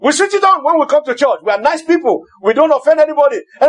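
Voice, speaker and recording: Male preacher, very high-pitched, emphatic, bursts into shouts. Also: lively intonation, quick pace. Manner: emphatic, repetitive, now and then shouting. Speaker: pastor. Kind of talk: sermon.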